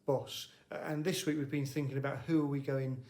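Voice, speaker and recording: Conversational minister in an echoey room. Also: male voice, medium pitch, level tone, normal speed, a little mellow. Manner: conversational and wry, with frequent fillers. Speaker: lead minister. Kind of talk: short midweek devotional talk.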